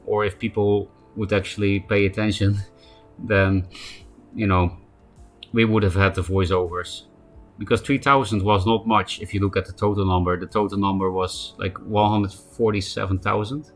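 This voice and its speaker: Guy streaming, kinda low voice, rambly, um uh a lot, quiet music in the back. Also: level tone, normal speed. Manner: rambling, thinking aloud with fillers. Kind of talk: casual live-stream commentary.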